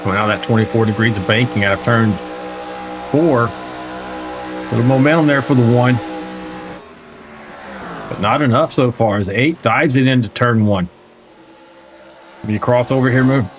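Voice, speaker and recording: Music and race car engines play behind a man of medium pitch who speaks at normal speed and pauses often. He gives chatty live play-by-play of a simulated stock car race, joking around and reading viewer comments out.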